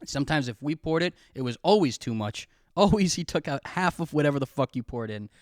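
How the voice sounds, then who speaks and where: A man's voice: a little high, animated, fairly quick, no room sound, clean studio sound. A young man hosting a podcast, telling a long childhood story in a rambling, profane, self-mocking way, laughing often. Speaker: podcast host. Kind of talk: casual storytelling monologue. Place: home room, recorded on camera. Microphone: camera mic.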